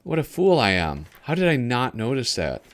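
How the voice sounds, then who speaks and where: A man's voice: mid-range voice, huge pitch swings, moderate pace. A male host giving casual live commentary while flipping through a magazine. He rambles, gropes for names and chuckles often.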